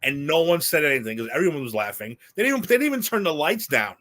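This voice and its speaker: A man's voice: on the high side, sing-song, fast talker, a bit bright. Rambling, laughing podcast co-host man. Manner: rambling, laughs often, restarts. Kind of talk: casual chat.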